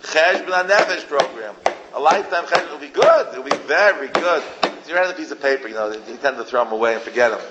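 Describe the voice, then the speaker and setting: A man's voice: mid-range voice, lively intonation, fast talker, very noisy. A man giving an informal Torah lecture as a rabbi, emphatic and repeating phrases for effect. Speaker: rabbi teaching a class.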